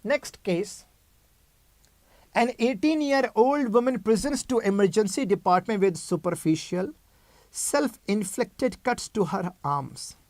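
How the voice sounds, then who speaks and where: A man's voice: sits high, lively intonation, slow pace, no room sound. A male medical lecturer teaching a clinical case, repeating key terms and asking rhetorical questions.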